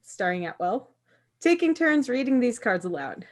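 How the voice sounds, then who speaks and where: A woman's voice: a little high, very animated, normal speed. A woman running a tabletop card game as game master, giving laid-back instructions in casual chat.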